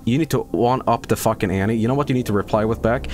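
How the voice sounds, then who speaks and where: A man's voice: mid-range voice, quick pace, noisy background. A man streaming a game, chatting casually as he plays, rambling and joking, swearing often. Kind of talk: casual live-stream commentary.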